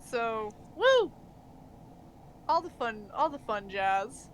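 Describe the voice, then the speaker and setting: A woman's voice: a little high, sing-song, slow pace, slight background noise. A woman narrating as dungeon master in a casual tabletop game stream, loose and full of fillers. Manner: loose, filler-heavy narration with frequent laughs.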